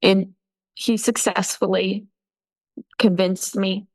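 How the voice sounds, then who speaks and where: A woman in tears, telling a painful personal story in halting speech full of pauses and restarts. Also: mid-range voice, level tone, low-quality recording. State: crying. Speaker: interviewee telling her story. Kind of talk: emotional personal testimony.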